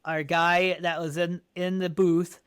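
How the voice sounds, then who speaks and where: Podcast guest, male, higher voice, animated storyteller who acts out quotes. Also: measured pace, clear, resonant tone. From Colorado, United States. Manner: animated, acts out quotes with big pitch jumps. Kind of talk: casual storytelling interview.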